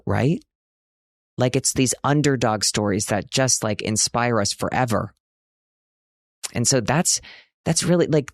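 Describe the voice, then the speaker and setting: A man in his thirties hosts a solo podcast, his voice sitting a bit low. He talks in an earnest, chatty way, full of "like" and little restarts. The sound is dry and close to the mic. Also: no echo. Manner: earnest, chatty, lots of "like" fillers. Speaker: podcast host. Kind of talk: reflective solo podcast monologue.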